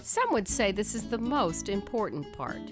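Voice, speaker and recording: A woman's voice: medium pitch, very animated, moderate pace. A woman reading scripted voice-over narration for a travel cooking show. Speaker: host narrating. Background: guitar music.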